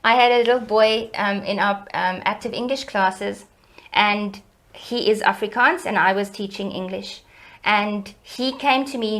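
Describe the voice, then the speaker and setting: A middle-aged woman educator, explaining child development in a lively, teacherly way in an interview. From South Africa. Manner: animated, teacherly, varies pitch and loudness for emphasis.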